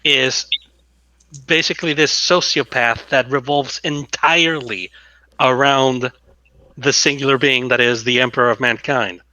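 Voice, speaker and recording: Male podcast guest, very bright edgy tone, blunt and teasing. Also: mid-range voice, steady tone, unhurried, dry recording, low-quality recording. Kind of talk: casual chat.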